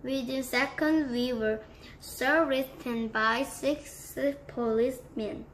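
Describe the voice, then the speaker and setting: A woman reading a children's book aloud in a slow, careful way. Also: high voice, fairly even intonation, fairly bright tone, a little hiss or hum. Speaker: book reader.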